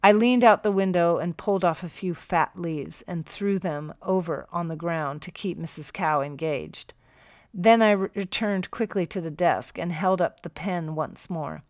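A woman narrating a first-person story for an audiobook in a calm, measured way. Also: fairly low pitch, dry recording, studio quality.

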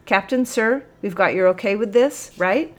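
A woman voicing a bossy male police sergeant who bellows slow, drawn-out commands in a storybook reading. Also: mid-range voice, a bit bright, lightly acted. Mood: brisk.

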